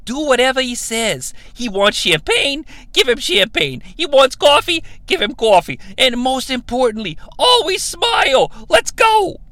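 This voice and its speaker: A man doing an impression of a brash, loud male wrestling promoter from New York who rants and shouts. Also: very high-pitched, sing-song, unhurried, few pauses, no echo, heavily acted, rough recording. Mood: coaxing. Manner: ranting and shouting, self-pitying bluster.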